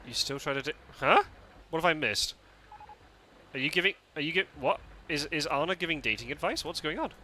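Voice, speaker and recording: A man's voice: a little high, animated, fairly quick, pushed and bright, slight background noise. A Scottish man streaming a game live, chatting casually with his viewers, often laughing and restarting his sentences. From Scotland.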